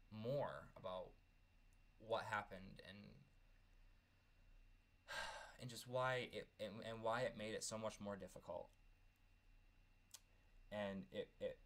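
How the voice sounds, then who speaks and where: A man's voice: on the low side, gravelly, a bit bright. A man in his thirties telling a personal story in a vlog, earnest and candid, often stumbling over repeated words. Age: 30s. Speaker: vlogger.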